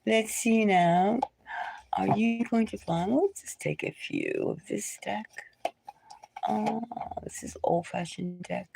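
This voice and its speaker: A woman hosting a live tarot reading, talking in a rambling, conversational way and sometimes dropping into soft whispers. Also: mid-range voice, slow, vocal fry, slight background noise. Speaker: tarot reader. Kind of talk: live-stream reading, casual talk.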